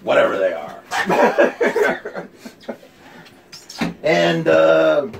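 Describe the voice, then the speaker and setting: A man's voice: on the high side, big pitch swings, extremely slow, vocal fry, slight background noise. A man co-hosting a playful cocktail show as a pirate captain, hesitant and joking, with many fillers. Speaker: co-host playing a pirate captain.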